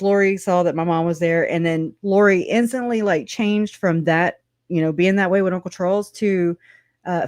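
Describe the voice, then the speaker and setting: Livestream host, loose and rambling, mid-pitched voice with dry close sound, casual commentary with frequent laughs. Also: a little mellow, no echo. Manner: rambling, chatty, swears, laughs often.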